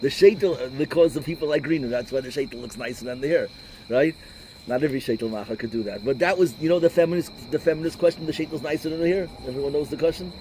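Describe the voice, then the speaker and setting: A middle-aged man, a rabbi, giving an informal talk full of stories, combative and animated, sprinkling in Yiddish and Hebrew words. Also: medium pitch, quick pace, a little hiss or hum, low-quality recording. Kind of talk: informal lecture with storytelling.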